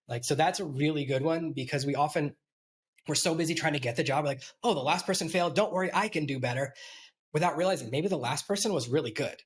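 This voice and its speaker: A man hosting a podcast interview, telling business stories and acting out what other people said. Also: fairly high pitch. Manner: storytelling, acts out quoted voices. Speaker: podcast host. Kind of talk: casual interview chat.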